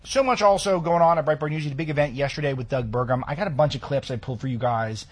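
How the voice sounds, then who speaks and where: A man's voice: fairly high pitch, very fast. A man hosting a political talk radio show, delivering sarcastic, indignant commentary.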